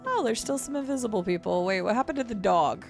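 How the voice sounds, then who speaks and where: A woman streamer chatting casually as she plays, playful and talkative, with sing-song filler noises. Her mid-pitched voice carries a gravelly fry, and game music plays steadily behind her. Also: lively intonation, fast. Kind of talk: casual gameplay commentary.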